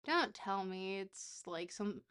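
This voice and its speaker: A woman's voice: mid-range voice, animated, slow, a bit bright, clear, resonant tone. Woman streaming a geo game, rambly and jokey, swears here and there, just chatting. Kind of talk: casual livestream chat while playing a geography game.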